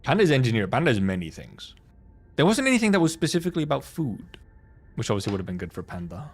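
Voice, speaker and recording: A young man streaming a video game, thinking out loud with playful, swearing, laughing casual commentary. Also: medium pitch, sing-song, fast, soft background music.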